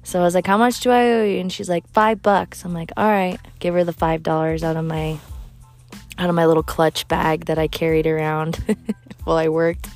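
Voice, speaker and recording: A woman's voice: lowish voice, level tone, moderate pace, a little mellow, soft background music. A woman, telling a profane, gossipy story in a casual monologue and laughing often. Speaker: storyteller vlogger.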